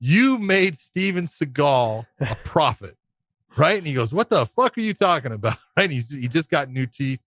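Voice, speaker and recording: Animated man telling a swearing anecdote. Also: fairly high pitch, normal speed, dry recording. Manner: animated storyteller, laughs often, swears. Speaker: podcast co-host.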